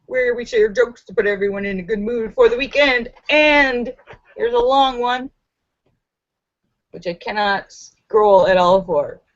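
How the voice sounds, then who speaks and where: A woman's voice: fairly high pitch, a little slow, muffled recording. A woman hosting a live stream, chatting casually and reading jokes aloud, giggling often. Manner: giggly, chatty, laughs between lines. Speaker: host of a live joke stream.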